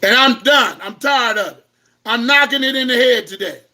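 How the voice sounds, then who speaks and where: A man giving an impassioned, preaching-style lecture to online viewers, repeating himself and breaking into shouts. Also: very high-pitched, normal speed. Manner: impassioned, repetitive, bursts into shouting. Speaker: host of an online talk.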